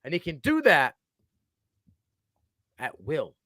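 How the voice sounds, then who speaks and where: A male co-host giving animated, profane takes on a sports talk livestream. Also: a little high, takes it slowly, no echo, studio quality.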